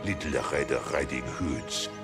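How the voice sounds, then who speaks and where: A man's voice: a bass voice, unhurried. An actor playing a bitter, theatrical male Big Bad Wolf in a video game, mocking and sing-song as he tells his tale. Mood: weary. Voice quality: gravelly. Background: game music.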